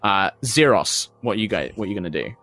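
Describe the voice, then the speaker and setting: A man's voice: on the low side, lively intonation, a little fast, a bit bright, faint music behind. A man, narrating a tabletop game as game master with flowing, descriptive speech full of small fillers.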